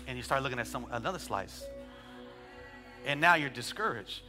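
A man in his thirties preaching a sermon as pastor, telling joking family stories and building to shouted calls for praise. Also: mid-range voice, lively intonation, normal speed, pauses often, long reverb tail, soft background music. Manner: joking asides, conversational storytelling.

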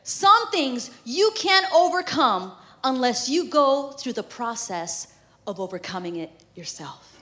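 A woman's voice: high voice, animated, measured pace, sharp tone. A woman in her thirties, a mother, preaching a sermon in a conversational, humorous way and laughing often. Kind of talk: sermon with prayer and personal story.

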